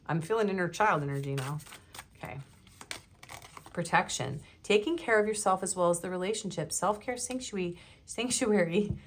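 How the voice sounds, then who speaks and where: A woman with a notably low speaking voice leads a pick-a-card tarot reading. She rattles off card meanings, then drifts into loose, rambling talk and often leaves sentences unfinished. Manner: rambling, trails off mid-sentence. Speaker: tarot reader.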